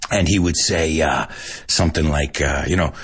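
An American man hosting a casual podcast language lesson, animated and chuckling often as he switches between English and Spanish. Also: extremely low pitch, moderate pace, breathy edge. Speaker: language teacher and podcast host.

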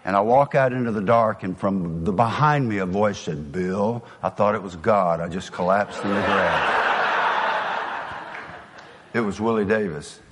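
A man's voice: lowish voice, normal speed, very noisy. Older Southern man telling stories in a hall. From American South. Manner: storytelling, folksy, drops to a near whisper for emphasis. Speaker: motivational speaker. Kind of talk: motivational speech to an audience.

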